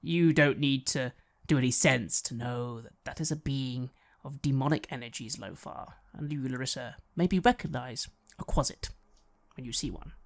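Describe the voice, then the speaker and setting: A game master narrating a fantasy tabletop game in a descriptive, unhurried way. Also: medium pitch.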